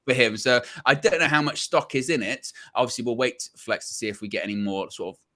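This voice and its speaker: Bright-voiced man reading out reports. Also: mid-range voice, brisk. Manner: reads out reports, relaxed and conversational. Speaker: co-host of fan channel. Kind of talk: casual chat.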